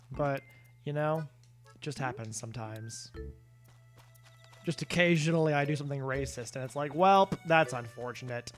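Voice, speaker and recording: A man live-streaming a video game, chatting casually with viewers in a rambling, self-deprecating way. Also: mid-range voice. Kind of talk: casual live-stream chat while gaming.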